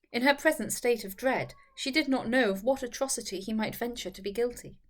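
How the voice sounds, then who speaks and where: A woman narrating a classic novel aloud in a measured, expressive storytelling voice. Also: fairly high pitch. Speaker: audiobook narrator.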